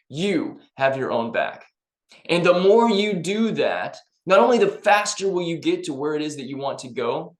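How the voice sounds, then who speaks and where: Upbeat motivational man, echoey room. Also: a little high. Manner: upbeat, emphatic, conversational. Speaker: personal development vlogger. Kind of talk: motivational talk to camera.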